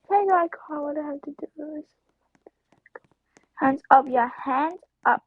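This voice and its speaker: A woman chatting casually over her gameplay, rambling, slipping into whispers and breaking into sudden excited outbursts. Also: sits high, a little slow, dry recording. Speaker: gameplay streamer. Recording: dull lo-fi dry recording.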